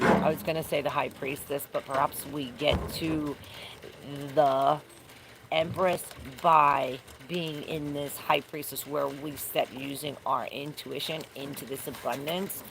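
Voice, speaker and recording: A woman's voice: sits low, fairly even intonation, unhurried, vocal fry. A woman doing a casual, rambling tarot reading outdoors in the rain. She searches for words and swears casually. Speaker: tarot reader. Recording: noisy outdoor recording with rain.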